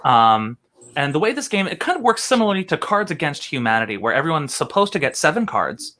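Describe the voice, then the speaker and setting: Man, from Philadelphia, co-host, casual chat, rambling and chatty, laughs a lot, bright ringing voice. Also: a little high, very animated, fairly quick. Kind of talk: casual chat, explaining a game.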